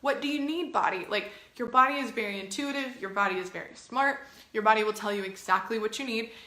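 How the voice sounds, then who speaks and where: Bright-voiced woman coaching in an echoey room. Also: mid-range voice, fast talker. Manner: chatty and encouraging, with many filler words. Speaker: health and fitness coach. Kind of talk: casual coaching talk to camera.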